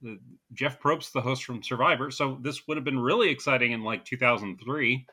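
A man's voice: mid-range voice, a little fast, sharp tone, husky. A man co-hosting a podcast, chatting casually with a dry, blunt wit. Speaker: podcast co-host. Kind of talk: casual chat reviewing a comedy show. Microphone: remote call recording.

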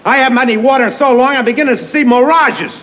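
An actor playing a sarcastic, blustering middle-aged tenant in a 1950s TV sitcom, with mocking, theatrical sarcasm. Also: male voice, very high voice, very fast, dull audio. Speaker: sitcom character.

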